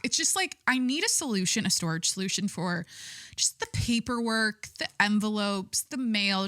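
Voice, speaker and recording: Young adult woman, podcast host; candid, rambling casual chat, middle pitch, dry close recording. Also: fairly bright tone, no echo. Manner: rambling, candid, lots of "like" fillers.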